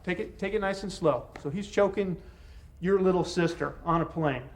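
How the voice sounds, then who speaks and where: A man's voice: high-pitched, moderate pace. A man teaching self-defense techniques to a class, giving short commands and encouragement as students practice. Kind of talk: hands-on class instruction.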